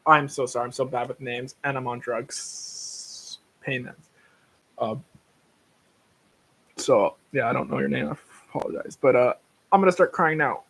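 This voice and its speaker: A man's voice: mid-range voice, moderate pace, gravelly, pauses often, a bit bright, slightly rough, rough recording. A tired man hosting a casual livestream, rambling and blunt, breaking into rants. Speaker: livestream host.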